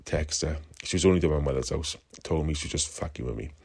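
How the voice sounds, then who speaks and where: A man's voice: rumbling low, fast, creaky, breathy edge. A Welsh man calling in to tell a rambling story, swearing constantly. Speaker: caller. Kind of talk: recorded call-in story.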